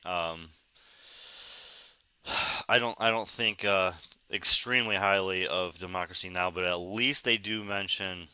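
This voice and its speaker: A deep-voiced man runs a late-night news commentary stream in a casual, sarcastic, ranting way, his tone pushed and bright. He talks cautiously around a sore face after surgery. The recording is clean with no echo.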